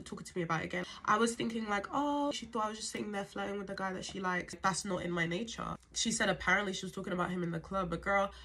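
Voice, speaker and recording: Fast-talking woman telling a story. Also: medium pitch, a bit bright, slight background noise. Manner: chatty, lots of "like" and asides to viewers. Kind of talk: casual storytime.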